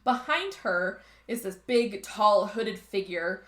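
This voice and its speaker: A woman's voice: mid-range voice, lively intonation, takes it slowly, fairly bright tone. A woman hosting a podcast, recapping a movie in a rambling casual chat full of "like" fillers. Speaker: podcast host. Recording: echoey room.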